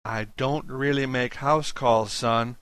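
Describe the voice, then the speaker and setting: A man's voice: medium pitch, fairly even intonation, slow pace, a bit bright, no echo. A man reading an audiobook, voicing a busy male doctor who answers curtly and with mild irritation. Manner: curt, businesslike.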